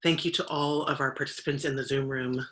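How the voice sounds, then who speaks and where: Bright-voiced service leader, conversational. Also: medium pitch, fairly even intonation, fast. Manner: warm thanks, loose and conversational with fillers. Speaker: minister leading the service. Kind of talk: spoken service announcements.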